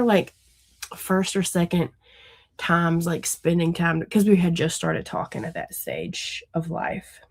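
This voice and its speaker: A mother of young children co-hosts a book podcast, speaking in a lowish, darkish voice. Her casual chat rambles candidly, full of laughter and free swearing.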